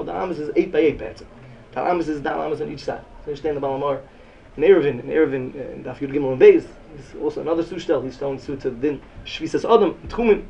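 A man giving an excited Talmud lecture. He repeats phrases often and mixes Yiddish and Hebrew terms into his English. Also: on the high side, gravelly. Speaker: Talmud teacher.

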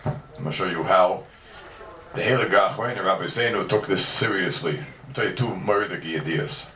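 A man gives an animated Talmud lecture as a Torah teacher, firing rhetorical questions at his listeners. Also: sits low, moderate pace, a little hiss or hum. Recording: roomy echo from far off, faint ambience.

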